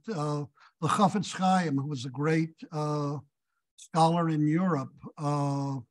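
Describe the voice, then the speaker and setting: A man giving a lecture as a visiting scholar, telling stories and leading an audience discussion with thoughtful pauses. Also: on the high side, darkish tone, rough recording. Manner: storytelling, thoughtful, hesitant fillers. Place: synagogue hall.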